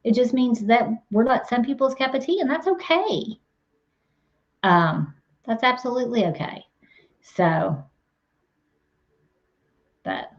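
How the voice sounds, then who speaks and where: A woman's voice: on the high side, lively intonation, takes it slowly, pauses often, dull audio. A woman hosting her farm channel, chatting casually with viewers in a rambling, teasing way. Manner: chatty, rambling, laughs and teases. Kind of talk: casual live chat with viewers.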